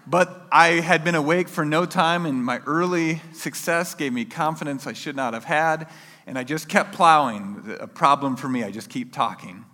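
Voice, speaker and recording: A man delivers a sermon as a lively personal story, jumping into loud acted-out shouts. His voice has a bright, forceful edge. The sound carries a long hall reverb. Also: a little high, normal speed. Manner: animated storyteller acting out his own yells. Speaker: preacher.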